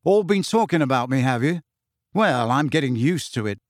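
A man reading as a moody teenage wizard boy, curt and defensive, snapping short answers at his friends. Close, dry sound with a lively lilt under the anger. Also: mid-range voice, moderate pace, dry recording, natural voice. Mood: sullen. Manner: stiff, curt, angry.

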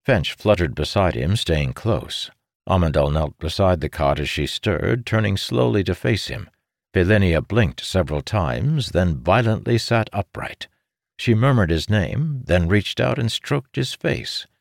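A man narrating a fantasy story in a measured, steady way. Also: deep voice, gravelly, no echo, studio quality. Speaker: audiobook narrator. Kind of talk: scripted narration.

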